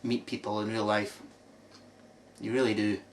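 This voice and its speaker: A man's voice: fairly low pitch, little pitch movement. Sarcastic Scottish man, distant mic. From Scotland. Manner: mocking, sarcastic, drawn-out put-downs. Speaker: video blogger replying to a critic. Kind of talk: sarcastic response video. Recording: distant mic with faint background noise.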